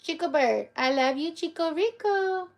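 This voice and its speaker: A woman's voice: very high-pitched, expressive, a little slow, gravelly. A woman chatting on a live stream, playful and cooing at her pets in baby talk. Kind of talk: casual live-stream chat.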